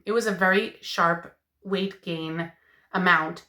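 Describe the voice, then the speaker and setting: A woman in her late thirties talks straight to her viewers in a personal update. Her voice sits a little low but has a bright, forceful edge. She speaks haltingly, with plenty of fillers, and sounds emotional. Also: fairly even intonation, reverberant. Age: 30s. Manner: candid, halting, many fillers. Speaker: vlogger.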